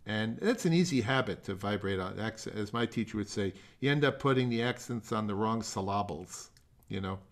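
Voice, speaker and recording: A man's voice: on the low side, expressive, gravelly. An older man coaches a student in a masterclass, wandering through his points with stops and restarts. He pokes fun at himself along the way. The sound comes through a video call. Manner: rambling, halting, self-deprecating humor. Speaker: music teacher leading a masterclass. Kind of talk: remote masterclass feedback.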